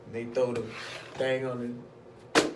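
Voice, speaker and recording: A man telling a personal story in casual talk, animated and acting out other people's voices. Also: medium pitch, measured pace, very noisy. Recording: echoey room, mic at a distance.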